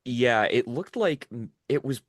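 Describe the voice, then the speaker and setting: A man's voice: mid-range voice, animated, a little slow, no echo, clean studio sound. A young man co-hosting a casual rewatch podcast, laid-back and hesitant, swearing casually as he talks. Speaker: podcast co-host.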